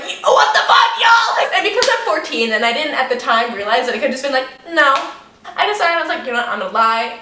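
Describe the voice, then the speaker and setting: A young woman telling a story to camera in a casual, animated way, swearing freely and saying "like" a lot. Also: on the high side, slight background noise. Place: room in front of a window. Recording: echoey room, mic a bit distant.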